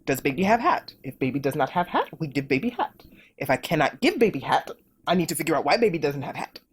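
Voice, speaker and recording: A woman's voice: deep voice, very animated, quick pace, a little hiss or hum. A middle-aged woman, a podcast guest, talking emphatically and animatedly in a political conversation, hammering points home with repetition.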